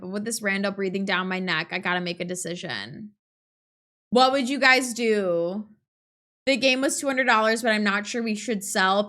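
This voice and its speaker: A woman's voice: medium pitch, pushed and bright. A young woman streamer reading a visual novel aloud and chatting with her viewers between lines. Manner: chatty, reacting and reading between asides to chat.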